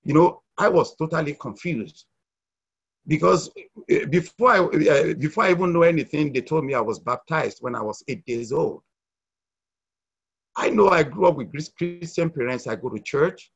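A middle-aged man from Nigeria giving an earnest church testimony, hesitant, with fillers and restarts, rising loud and dropping soft. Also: fairly high pitch, expressive, moderate pace, gravelly, husky, lo-fi sound. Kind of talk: testimony sharing at a church meeting.

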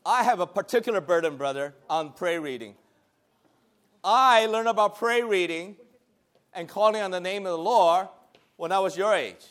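A man from Taiwan, teaching a lively church lesson, talking back and forth with the class and laughing often. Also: high voice, moderate pace.

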